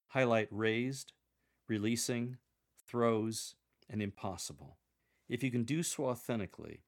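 A man giving measured, deliberate coaching on how to read Scripture aloud. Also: on the low side. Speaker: instructor for Scripture readers.

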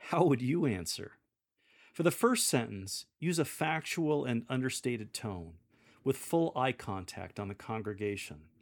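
Slow, measured man coaching scripture readers. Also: mid-range voice, lively intonation. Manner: measured, deliberate delivery. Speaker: lector coach. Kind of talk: instructional coaching on scripture reading.

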